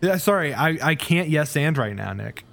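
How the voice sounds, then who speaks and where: A man's voice: fairly high pitch, expressive, moderate pace, creaky, fairly bright tone. A man co-hosting a podcast, hesitant and dry in casual chat. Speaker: podcast co-host.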